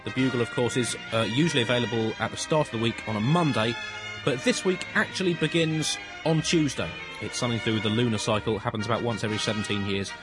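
A man co-hosting a comedy podcast, with a dry, deadpan mock-newsreader delivery. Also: mid-range voice, fast, over music. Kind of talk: deadpan satirical news comedy.

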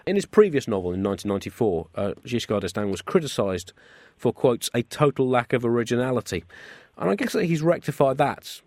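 A man co-hosting a comedy radio show with wry, deadpan delivery. His voice is dry and close on a studio mic. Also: mid-range voice, fairly quick, few pauses, no room sound. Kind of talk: comic radio banter.

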